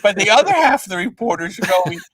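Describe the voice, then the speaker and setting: Animated older male storyteller. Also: sits high, quick pace, husky, no echo. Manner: lively storyteller, acts out voices in quotes. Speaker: comics writer, guest. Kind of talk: animated anecdote telling.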